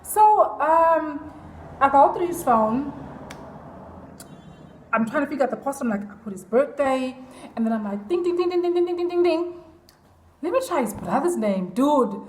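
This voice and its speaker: A woman with a high voice tells a story to her vlog audience in a chatty, confiding way. She fills it with ums and "I'm like". The room has a noticeable echo. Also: animated, moderate pace, slight background noise. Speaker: vlogger.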